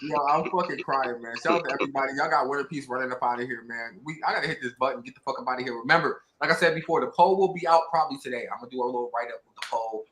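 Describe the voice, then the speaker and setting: A man's voice: mid-range voice, racing, hardly any pauses, a bit bright, reverberant, low-quality recording. A man hosting a livestream, talking loosely and profanely and laughing with friends in the room. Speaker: livestream host. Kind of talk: casual livestream chat.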